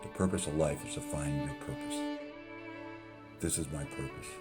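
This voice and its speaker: A man's voice: a bass voice, normal speed, loud music behind the voice. A man keeping a casual video diary about his life with bipolar disorder. He rambles, uses many fillers, corrects himself, and laughs at himself. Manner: self-deprecating, laughs at himself. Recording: roomy echo.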